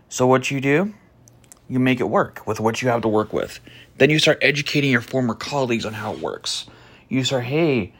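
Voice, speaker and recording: Man, podcast host, casual monologue, profane, blunt, mid-pitched voice. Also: husky. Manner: blunt, profane, ranting storyteller; slow and soft at first, growing louder and animated.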